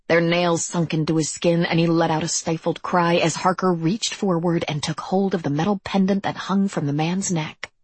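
Brief: female audiobook narrator, deliberate and measured, low-pitched and breathy, dry studio sound. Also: no echo.

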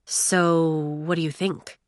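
A woman's voice: low voice, little pitch movement, slow, no echo. A woman voicing a polite, curious young prince in an audiobook, in an easy, friendly manner.

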